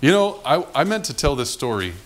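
A man's voice: fairly high pitch, fairly quick, slight background noise. A man preaching a sermon, telling a personal story from his past and acting out the people in it. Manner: animated storyteller, acts out quotes. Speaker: pastor.

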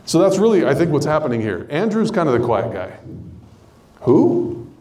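A man's voice: a little high, sing-song, fast talker, a little mellow. A man preaching a conversational sermon, telling a Bible story and acting out its characters. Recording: roomy echo.

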